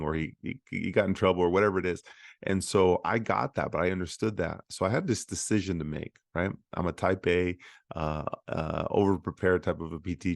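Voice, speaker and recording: Man, very low gravelly voice, dry close sound, motivational solo podcast talk. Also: no room sound. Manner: conversational, many fillers and restarts. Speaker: podcast host, physical therapist.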